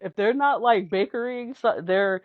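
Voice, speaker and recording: A woman guest on a podcast, telling lively stories and acting out what others said, laughing often. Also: mid-range voice, normal speed, no echo. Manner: animated, acts out quotes with laughs. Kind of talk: casual storytelling chat. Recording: dull, lo-fi podcast audio.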